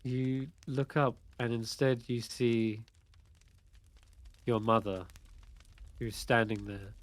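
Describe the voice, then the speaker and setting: A man narrating as game master, slow and searching for words. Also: mid-range voice, little pitch movement, a little hiss or hum.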